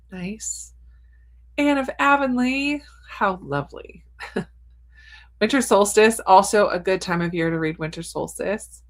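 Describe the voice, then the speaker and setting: A woman hosting a cozy reading livestream from her attic, reading viewers' comments aloud and reacting with frequent laughs. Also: fairly low pitch. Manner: laughs often between comments. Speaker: booktuber host reading live chat. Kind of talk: casual livestream chat. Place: home attic.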